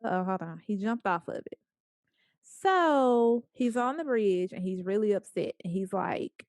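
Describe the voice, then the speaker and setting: Lively storytelling woman, dry sound. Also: medium pitch, measured pace, no echo. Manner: lively, playful storyteller, acts out quotes. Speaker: guest speaker. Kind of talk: storytelling talk to a small group.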